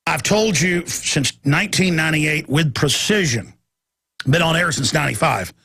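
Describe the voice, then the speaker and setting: A man's voice: a little high, moderate pace, creaky, pushed and bright, husky. A man hosting a talk radio show, delivering an impassioned monologue with an intense, ranting manner, repeating phrases and stammering into restarts.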